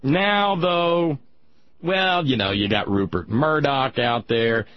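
A man's voice: mid-range voice, slow pace, dry recording. A man hosting political talk radio, rambling and sardonic, with many restarts. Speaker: radio talk show host. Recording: dull lo-fi broadcast sound.

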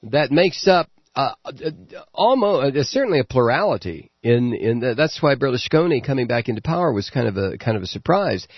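A man hosting a political talk radio show, delivering a sarcastic commentary monologue with frequent halting fillers. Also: medium pitch, big pitch swings, slightly rough, dry recording, dull audio.

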